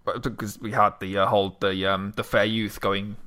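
A man co-hosting a casual chat, hesitant with many fillers and repeats, breaking into animated bursts. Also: on the low side, normal speed.

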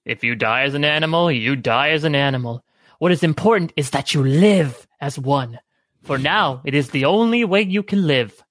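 A man reading the part of a grave old temple monk, speaking slowly and solemnly. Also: fairly high pitch, lively intonation, fairly bright tone, dry recording, studio quality. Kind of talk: reading a story aloud with friends.

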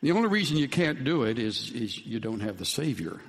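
A man preaching a sermon as pastor, earnest in tone and often dropping to soft, low words for emphasis. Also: very animated, brisk. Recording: long hall reverb.

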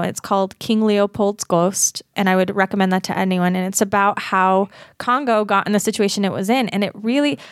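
A woman from Utah speaks as an interview guest and advocate, earnest and reflective, often turning a critical eye on her own past choices. Her voice sits at a middle pitch and is heard dry and close, with no room sound. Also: no echo. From Utah, USA.

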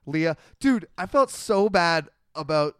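A man tears through a story as a podcast co-host, crude and quick, tossing in silly voices along the way. His voice sits high and comes through smooth and clear. The sound is dry and close. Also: lively intonation, a bit bright, no room sound. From Canada. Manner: crude, rapid-fire storytelling with mock character voices. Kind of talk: casual comedic retelling.

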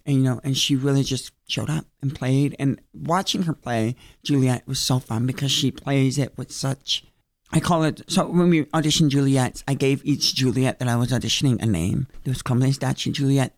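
Gravelly young man telling stories. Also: medium pitch, normal speed, no room sound, studio quality. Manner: animated storytelling with many fillers. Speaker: stage actor interviewed as guest. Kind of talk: casual interview.

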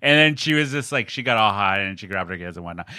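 Casting: animated male podcast host, bright forward voice, dry close mic, salty storyteller. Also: fairly low pitch, fast talker, clean tone, no echo. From San Diego area, California. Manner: animated storytelling, swears freely, acts out quotes. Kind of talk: casual chat.

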